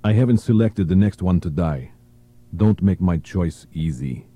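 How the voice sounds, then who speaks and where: A man voicing a ruthless male terrorist leader who speaks slowly and in clipped threats. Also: sits low, expressive, breathy edge, dry recording, highs cut off, heavily acted. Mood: menacing.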